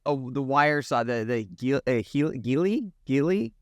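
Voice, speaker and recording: A man's voice: mid-range voice, expressive, a little slow, dry recording. A man in a casual movie review chat who halts and searches for his words.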